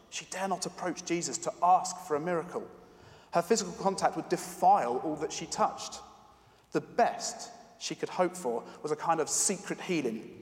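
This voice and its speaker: A man preacher giving a sermon, telling a story in a measured, expressive way. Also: a little high, big-room sound.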